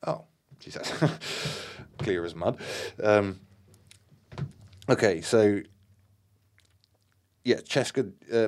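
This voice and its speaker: A man with a very deep voice reads a supernatural story aloud. He stumbles and restarts often, adds casual remarks, and bursts into loud acted-out shouts for the characters. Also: unhurried, long pauses. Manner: acts out shouted dialogue, many fillers and restarts. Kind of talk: reading aloud from a book with comments.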